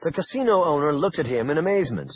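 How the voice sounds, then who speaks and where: A man narrating a suspense audiobook in an expressive, dramatic way. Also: a little high, quick pace, slightly rough, no room sound, lo-fi sound.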